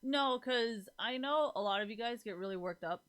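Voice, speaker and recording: A woman's voice: on the high side, normal speed, fairly bright tone. A young woman streamer chatting casually to her viewers, rambling and swearing a lot, breaking into laughs often.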